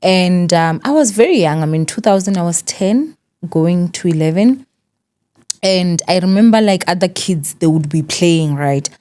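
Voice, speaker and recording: Soft-toned woman hosting a heartfelt interview. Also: lowish voice, lively intonation, moderate pace. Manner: gentle, frequent murmured encouragement. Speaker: interview host. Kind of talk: emotional sit-down interview.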